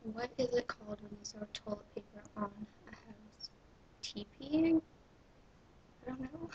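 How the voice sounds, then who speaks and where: A woman's voice: a little high, measured pace, a little mellow, lo-fi sound, a little hiss or hum. A young woman with a Canadian accent from Ontario, recorded in a small bathroom as she casually reads questionnaire prompts aloud and answers them in an offhand, dry way. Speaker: vlogger. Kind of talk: casual vlog reading a questionnaire.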